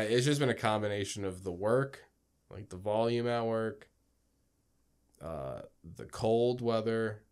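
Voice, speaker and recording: A man's voice: low voice, smooth. Swearing young man in casual podcast chat. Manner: swearing, animated storytelling, mock outrage. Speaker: podcast co-host.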